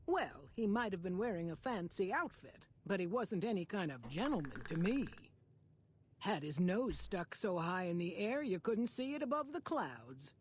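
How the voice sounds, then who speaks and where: An actress playing a sweet-talking motel hostess in a video game, with a folksy, husky drawl. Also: female voice, medium pitch, big pitch swings, moderate pace. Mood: scornful.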